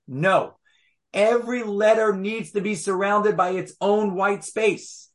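A man takes it slowly as he teaches Torah to a small group, his voice sitting high. The study is animated: he reads the verses aloud and presses listeners with rhetorical questions.

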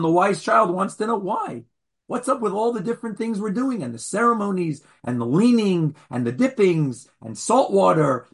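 Husky-voiced rabbi giving a chatty class. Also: male voice, sits high. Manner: animated and chatty, with playful asides to the audience. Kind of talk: conversational lecture.

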